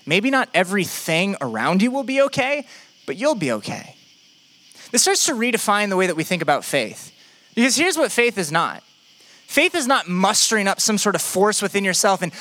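Young male preacher, high and bright voice, lively delivery, acts out inner voices and talks straight to the crowd. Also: moderate pace. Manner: animated, acts out imagined prayers and quotes; addresses the congregation directly with joking asides. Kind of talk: sermon.

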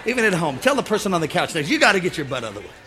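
A man preaching a lively sermon, calling for amens and acting out the voices of the people in his stories. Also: high voice, very fast. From United States. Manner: lively preaching, calls for amen, acts out voices. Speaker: pastor.

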